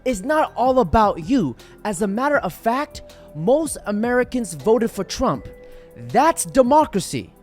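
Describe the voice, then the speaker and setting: A woman's voice: fairly high pitch, big pitch swings, a little slow, darkish tone, soft background music. A woman hosting a commentary video, speaking in a dry, mocking tone over clips. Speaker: commentary host.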